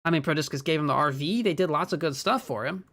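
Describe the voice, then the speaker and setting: A man from Minnesota with a Midwestern American accent, co-commentating a disc golf stream in a chatty, quick way that breaks easily into laughter. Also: on the high side, fairly bright tone. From Minnesota, USA. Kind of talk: casual live-stream commentary.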